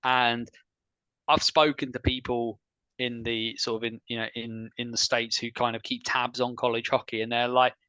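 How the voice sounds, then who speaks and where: Bright-voiced male podcast host. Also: medium pitch, level tone, clean tone, no room sound, low-quality recording. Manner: chatty and opinionated, quick asides. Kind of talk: casual sports podcast chat.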